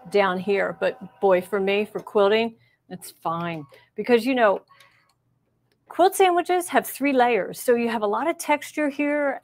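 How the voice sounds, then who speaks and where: A middle-aged woman teaching machine embroidery in a live demonstration, chatty and reassuring, thinking aloud as she works. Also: on the high side.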